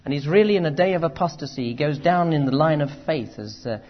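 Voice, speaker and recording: A man preaching a sermon, animated, moving from loud urgent emphasis to quiet asides, on a dull lo-fi recording. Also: a little high, fast talker.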